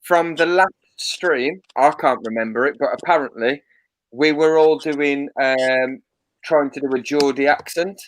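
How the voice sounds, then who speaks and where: A man's voice: on the high side, unhurried, no echo, poor audio. A man chatting on a group video call, restarting his sentences and laughing often. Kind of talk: casual chat.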